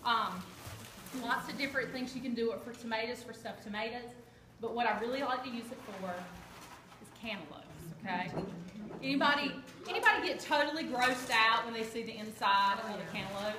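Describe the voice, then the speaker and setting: A woman's voice: on the high side, fairly quick. A woman giving a chatty, joking live cooking demonstration and quizzing her audience. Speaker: kitchen product demonstrator. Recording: echoey room with background noise.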